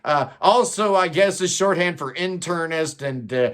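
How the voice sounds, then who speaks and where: A man with a fairly high voice talks through an album track by track in a casual, rambling way. He sounds enthusiastic and leans on lots of "uh" fillers as he goes. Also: unhurried, fairly bright tone. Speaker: music reviewer.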